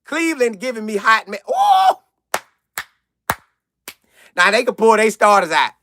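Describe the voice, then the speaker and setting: A man's voice: high-pitched, expressive, fast, bright, forceful tone, a little hiss or hum. A man hosting a casual sports live stream, reading viewer comments aloud and reacting in loose slang.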